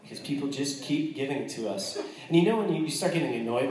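A man's voice: medium pitch, lively intonation, brisk, distant mic, a crowd in the background. American man sharing in an echoey hall. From United States. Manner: earnest and joking, with frequent restarts. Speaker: missionary speaking to a church. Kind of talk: casual testimony to a congregation.

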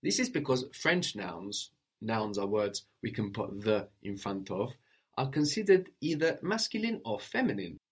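Lively patient male language teacher. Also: lowish voice, breathy edge. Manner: patient, models pronunciation slowly, animated questioning intonation. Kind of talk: audio language lesson.

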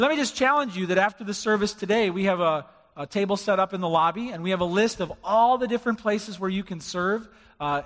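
A male pastor delivers a sermon in a church sanctuary, pushing his points with rising emphasis. His voice sits high for a man. The sound carries a long hall reverb. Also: a bit bright. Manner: preaching with rising emphasis and acted-out quotes.

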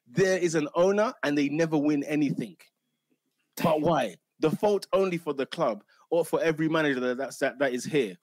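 A man doing an impression of an exasperated, middle-aged Italian football manager, speaking halting broken English with an Italian accent. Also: on the high side, no room sound, close to an everyday voice.

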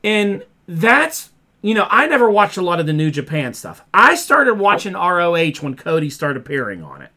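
A man's voice: sits high, huge pitch swings, moderate pace, bright, forceful tone. A man co-hosting a casual wrestling podcast, ranting with exasperation and mimicking fans in quoted voices. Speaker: podcast co-host.

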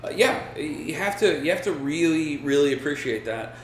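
A man's voice: a little high, lively intonation, normal speed, reverberant, slight background noise. A man in casual banter as a podcast co-host, laid-back and rambling, swearing now and then. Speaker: podcast co-host picking fights. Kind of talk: casual chat.

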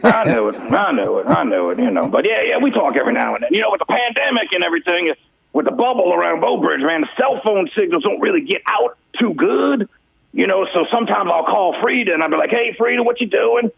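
A man's voice: high voice, big pitch swings, quick pace, narrow, tinny audio, exaggerated voice. A man playing a brash, crude good-ol'-boy character with a drawl, ending nearly every line with "man". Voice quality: gravelly drawl, ends lines with "man". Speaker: radio show character. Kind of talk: comedy character bit.

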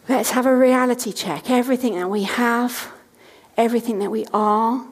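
A woman in her thirties gives a sermon, her voice sitting a little high for a woman. She moves from chatty family anecdotes to earnest, emphatic repetition. The long reverb of a church hall trails behind her words. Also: a little mellow, breathy edge. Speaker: preacher. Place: church stage.

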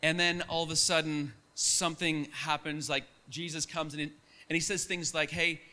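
A young man preaching a sermon, telling stories in an animated, conversational way. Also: a little high, normal speed.

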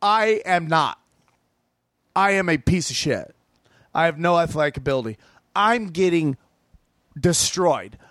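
A comedian guest on a podcast, telling rapid, profane stories and acting out quotes in casual chat. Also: male voice, fairly high pitch, no room sound, clean studio sound. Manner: rapid, profane, animated storytelling with acted-out quotes.

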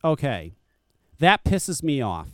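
A man's voice: on the high side, very animated, takes it slowly, a bit bright, dry recording. A man hosting a podcast, talking in casual, profane and scornful rants that often break into laughter. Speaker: podcast host. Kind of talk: casual ranting chat.

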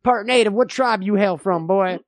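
A man voicing a nosy, rambling, bigoted old frontier man who talks in slow, folksy slang. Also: high voice, no echo. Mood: boastful.

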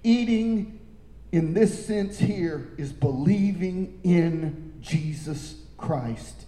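Male pastor, high mellow voice, slow deliberate sermon delivery, booming church reverb. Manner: preaching with big swings, from shouts down to low quiet lines. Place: church sanctuary. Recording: echoey hall with long reverb.

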